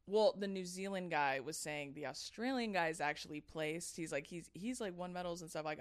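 A woman's voice: sits low, brisk, few pauses, clean tone. A woman hosting a casual chat, who laughs often and tells stories with quoted dialogue. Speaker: podcast host.

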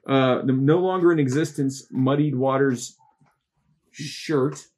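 A man's voice: mid-range voice, takes it slowly, a little mellow. Dry, jokey male co-host. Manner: dry, jokey, keeps track of bids. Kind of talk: casual livestream auction chat.

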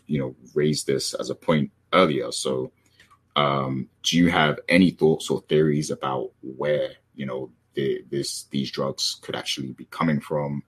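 A man with an extremely deep voice hosts a casual TV recap, steering the conversation. His tone is husky and a little rough. He leans on fillers as he talks and throws questions to his co-hosts. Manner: leads the talk, prompts co-hosts, frequent fillers. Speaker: podcast host.

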